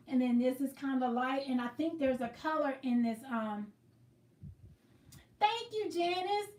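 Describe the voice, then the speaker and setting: A woman's voice: high-pitched, reverberant, distant mic. Chatty woman livestreaming her quilting. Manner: chatty, greets viewers by name, explains as she works. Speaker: livestream host. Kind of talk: casual livestream chat while quilting.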